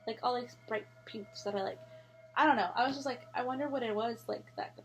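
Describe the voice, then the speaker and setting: Young woman rambling thru a creepy story, kinda high voice, faint hum behind. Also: fairly quick. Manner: rambling, animated, swears freely, acts out quotes. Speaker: vlogger. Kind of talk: casual storytelling to camera.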